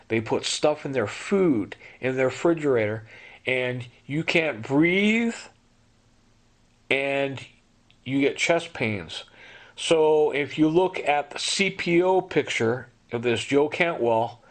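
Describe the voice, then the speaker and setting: Urgent, pleading middle-aged man. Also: medium pitch. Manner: urgent and pleading, repeats himself, appeals directly to the listener. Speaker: complainant telling his story. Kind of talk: impassioned personal monologue.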